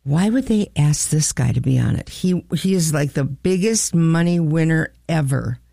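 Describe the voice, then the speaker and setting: A woman's voice: low voice, animated, normal speed, vocal fry, dark tone, dry recording, clean studio sound. A woman co-hosting a casual radio-style chat, telling rambling stories. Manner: rambling, chatty storyteller. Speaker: co-host.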